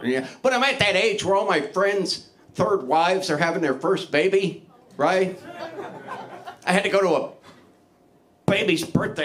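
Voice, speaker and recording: A middle-aged man with a high-pitched voice does stand-up at an open mic in a small club. His set is loose and crude, full of self-mockery, and he shouts his punchlines.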